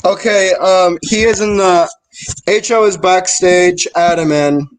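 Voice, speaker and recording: A man's voice: sits high, fairly even intonation, a little slow, poor audio. A young man chatting eagerly in a casual group call and often repeating himself.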